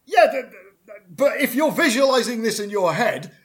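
A man, chatting in a deadpan comedy double act, pedantic and self-assured, rambling with restarts. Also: very high-pitched, moderate pace.

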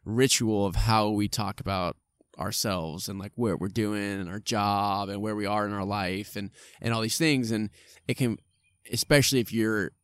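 A man speaking as a podcast guest, relaxed and reflective, often searching for words, recorded outdoors in a park. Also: lowish voice, smooth, no echo, studio quality. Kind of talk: casual podcast chat. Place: outdoors in a park under a tree.

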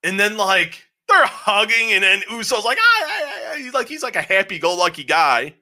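A man co-hosting a podcast, giving a casual, rambling, animated review with plenty of swearing. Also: high voice, moderate pace. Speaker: podcast co-host. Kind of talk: casual show review chat.

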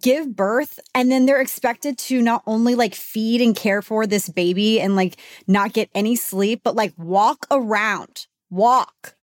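A woman's voice: a little high, unhurried, few pauses, dry recording, clean studio sound. A woman co-hosting a podcast in a frank, joking casual chat. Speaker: podcast co-host.

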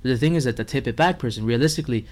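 Animated, laughing chef telling stories. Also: male voice, mid-range voice, very fast. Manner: animated storyteller, acts out others' lines, laughs often. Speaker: chef guest. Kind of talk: casual podcast chat.

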